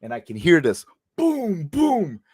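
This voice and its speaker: Slightly rough and on the high side, this middle-aged man's voice takes its time. A former police officer, he shares a story in an easygoing, animated manner, speaking straight to his audience.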